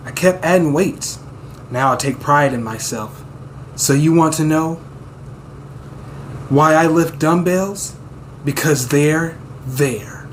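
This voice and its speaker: A man voicing a stoic, muscular young man who speaks in a slow, flat, matter-of-fact way. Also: on the high side, a little hiss or hum.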